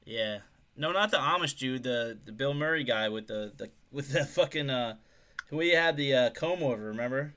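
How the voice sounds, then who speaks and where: Bright-voiced profane podcast guy. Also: animated, moderate pace. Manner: profane, jokey, slips into loud high mock voices. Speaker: podcast co-host. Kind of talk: casual podcast banter.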